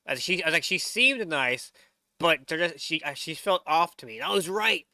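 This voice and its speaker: A man's voice: on the high side, lively intonation, moderate pace, bright, forceful tone, dry recording. A young man with a sore throat, chatting and rambling through gameplay commentary on a headset mic, swearing often. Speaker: streamer.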